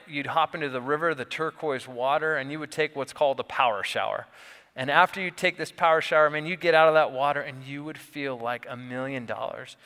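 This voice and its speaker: A man's voice: medium pitch, sharp tone. A man preaching a sermon as the pastor, stressing and repeating key words. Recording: long hall reverb.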